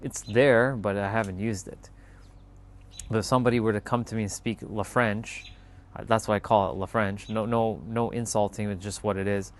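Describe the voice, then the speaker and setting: A man telling a casual, animated story in a monologue, swearing freely and acting out the people in it with quoted voices. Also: lowish voice, moderate pace. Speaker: spiritual talk host.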